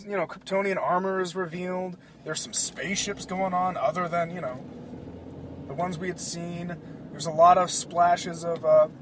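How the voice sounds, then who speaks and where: A man hosting a casual solo podcast, rambling in an excitable, profane way. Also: sits high, noisy background. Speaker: podcast host.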